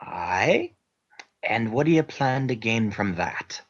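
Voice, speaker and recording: Man doing a Scottish mercenary interrogator, gruff, threatening, lively pitch swings, dull lo-fi sound. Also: slow, heavily acted. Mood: menacing. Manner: threatening, calls people lad.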